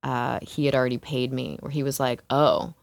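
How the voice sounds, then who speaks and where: A woman's voice: rumbling low, flat delivery, fairly quick, gravelly, darkish tone, no echo. A woman who works as an exotic dancer, telling a story frankly and casually, swearing, laughing often and filling with "like" and "you know". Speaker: exotic dancer, interview guest.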